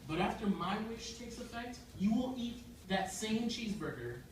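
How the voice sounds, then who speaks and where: A young man with an American accent performing a stand-up set, telling his stories deadpan and breaking into sudden loud outbursts. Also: high voice, moderate pace. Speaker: stand-up comedian. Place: comedy club stage. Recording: echoey club room from far off, noisy. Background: audience laughter.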